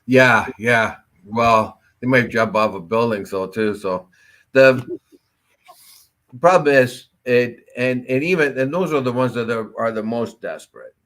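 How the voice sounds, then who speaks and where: A man's voice: mid-range voice, unhurried, fairly bright tone. A man co-hosting a local talk show in casual chat, with a rambling, anecdotal way of talking.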